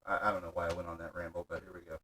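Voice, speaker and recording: A man's voice: deep voice, little pitch movement, racing, bright, forceful tone, rough recording. A man co-hosting a reaction show, rambling crude and profane commentary.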